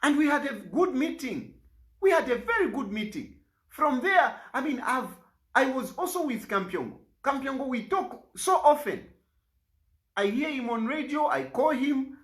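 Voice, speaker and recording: A man's voice: lively intonation, moderate pace, a bit bright. A middle-aged man with a Zambian accent, giving an impassioned, pleading public statement. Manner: pleading, rises and falls sharply in pitch. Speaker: opposition party leader.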